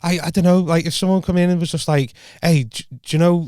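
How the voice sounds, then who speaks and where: A man's voice: a little high, fairly even intonation, fast, darkish tone, no room sound, clean studio sound. A man who is a comedian hosting a podcast, telling stories in a laid-back, sweary way. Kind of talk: casual chat.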